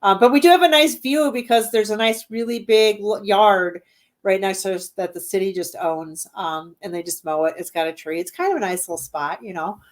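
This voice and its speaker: A woman's voice: mid-range voice, brisk. A woman owner of a haunted venue, chatting casually as a guest and rambling with many ums. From Midwestern United States. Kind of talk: casual interview chat.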